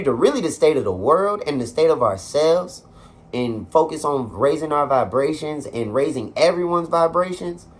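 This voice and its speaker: A young man talking earnestly and conversationally to his viewers from his apartment, urging them on like a motivational speaker. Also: on the high side. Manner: earnest, preachy, conversational, addresses viewers directly. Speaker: vlogger. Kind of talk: heartfelt motivational monologue.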